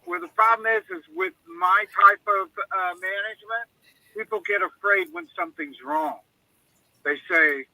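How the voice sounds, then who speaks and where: A man's voice: sits high, expressive, moderate pace, creaky, bright, forceful tone, no echo, poor audio. A man on a radio chat, telling long rambling stories and acting out what people said to him. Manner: rambling storyteller who acts out quoted dialogue. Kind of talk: casual call-in chat.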